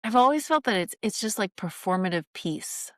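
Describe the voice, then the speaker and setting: Candid and self-deprecating, this podcast co-host chats casually with lively intonation and a mid-range voice at normal speed, frequently starting sentences over. Her audio is clean studio sound with no echo.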